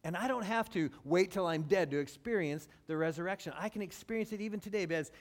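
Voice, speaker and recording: A man preaching a sermon, swinging between loud emphatic build-ups and low, quiet passages, with wry asides to the congregation. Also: quick pace. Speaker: pastor.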